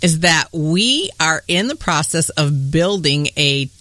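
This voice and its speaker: A woman with a Southern US accent hosting a faith podcast in casual chat, bubbly and quick to laugh. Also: low voice, no room sound. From northern US. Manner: bubbly, laughs often, whoops with excitement. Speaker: podcast host.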